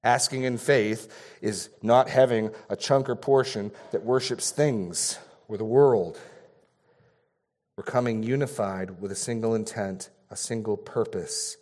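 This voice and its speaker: A man preaching an expository sermon in an earnest way, getting louder and softer to stress his points. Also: on the low side, measured pace. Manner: earnest, varies loudness for emphasis.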